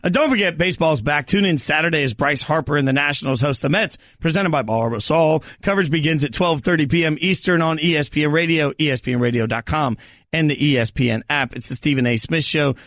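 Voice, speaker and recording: Guy riffing on sports radio, playful and kinda high-voiced, dry studio sound. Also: fast, a bit bright, dry recording. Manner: playful, self-mocking, rambling. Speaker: fill-in radio host. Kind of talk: joking sports radio chat. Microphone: studio mic.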